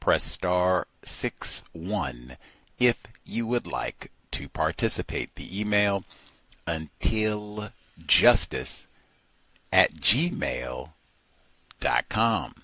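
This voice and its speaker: A male radio host speaks slowly and deliberately, pressing hard on his points. His voice is low and unhurried, and the sound is dry and close, with no room echo. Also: sing-song, bright, forceful tone. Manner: slow, deliberate and emphatic. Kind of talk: call-in radio talk.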